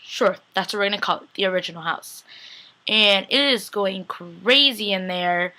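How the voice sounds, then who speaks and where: Bright-voiced young woman gushing about a show. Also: medium pitch, moderate pace, rough recording. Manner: gushing, chatty, acts out lines with lots of "like". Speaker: fan vlogger recapping a TV episode. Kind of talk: excited casual recap.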